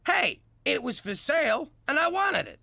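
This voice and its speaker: A man voicing an Italian-American mob father with a New York accent in an animated cartoon, exasperated and soft on his daughter. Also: extremely high pitch, moderate pace, creaky, no room sound, full character voice. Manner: exasperated, blustering, then tender.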